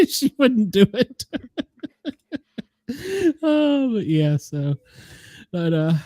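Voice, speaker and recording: Middle-aged male podcast host from the US South, high and lively voice, chatty storyteller who laughs often, dry mic. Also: very slow, no room sound. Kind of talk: casual chat.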